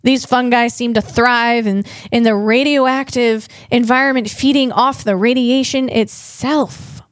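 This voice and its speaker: A woman's voice: a little high, steady tone, measured pace, smooth, dry recording, clean studio sound. A woman comedian hosting a solo podcast, reading facts and riffing playfully, stumbling on hard words.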